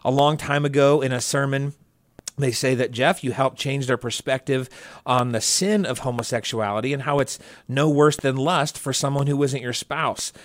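A man's voice: medium pitch, steady tone, normal speed, no room sound. Joking male church podcast host. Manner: jokey, reads listener question aloud. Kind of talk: casual church podcast chat.

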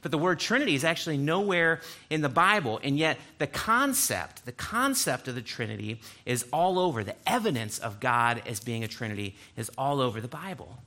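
A man's voice: mid-range voice, expressive, fairly quick, hardly any pauses, sharp tone. A man preaching a sermon, reading scripture aloud and breaking in with explanatory asides. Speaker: pastor.

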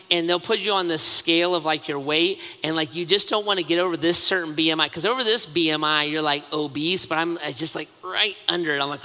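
A man's voice: on the high side, fast talker, hardly any pauses, sharp tone, big-room sound. A man preaching a sermon as the pastor, conversational and self-mocking, with lots of asides.

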